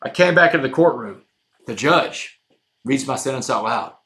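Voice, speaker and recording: A man telling his own story as a podcast guest, intense and emphatic, going from hushed lines to shouted ones. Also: mid-range voice, expressive, normal speed. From Texas. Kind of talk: dramatic storytelling.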